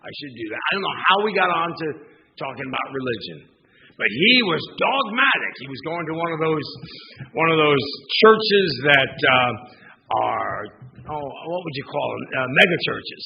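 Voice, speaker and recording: A man's voice: on the high side, expressive, normal speed, creaky. An older man, a minister, preaching a chatty, rambling sermon in a church, with restarts and asides to the congregation. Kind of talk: conversational sermon. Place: church sanctuary. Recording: dull lo-fi sermon recording.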